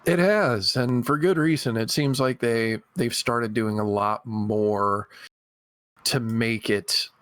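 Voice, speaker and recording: A man's voice: medium pitch, takes it slowly, a bit bright, dry recording, clean studio sound. A man co-hosting a gaming podcast, talking eagerly in a rambling casual way. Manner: enthusiastic, rambling with fillers. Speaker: podcast co-host. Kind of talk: casual chat.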